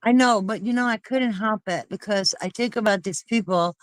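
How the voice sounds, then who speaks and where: A woman's voice: medium pitch, normal speed, no echo. A woman co-hosting a casual chat panel, talking in an emphatic, heartfelt way. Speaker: panel co-host.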